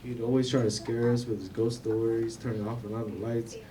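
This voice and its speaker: A man's voice: mid-range voice, little pitch movement, fairly quick, warm tone. A young man giving an informal eulogy for a family member, rambling with lots of fillers and laughing between stories. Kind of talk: informal memorial speech. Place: memorial gathering room. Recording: distant mic with clear background noise.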